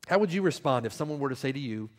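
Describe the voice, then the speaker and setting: A male pastor preaching a sermon, repeating his questions and swinging from hushed reflection to loud, pleading appeals. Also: medium pitch, lively intonation, rapid-fire. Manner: rhetorical repetition and questions.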